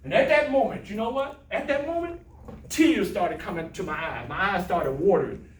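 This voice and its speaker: Older man, motivational speaker, high voice, echoey classroom, recorded from afar. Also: lively intonation, normal speed, distant mic. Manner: storytelling, plays voices in quotes, jokes with audience. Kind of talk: motivational talk with jokes and stories. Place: classroom of adult students.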